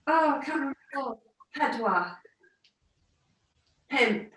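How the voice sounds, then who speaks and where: A woman's voice: high voice, expressive, slow, fairly bright tone, recorded from a distance. A woman taking part in a workout class, chatting and counting in a playful way. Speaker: class participant. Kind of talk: casual chat during a workout. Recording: roomy, away from the mic.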